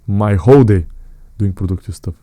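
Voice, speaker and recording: Very dark-voiced man. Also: on the low side, normal speed, no echo. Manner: blunt and earnest, repeats phrases, addresses viewers as guys. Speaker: self-improvement vlogger. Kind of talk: direct-to-camera motivational talk.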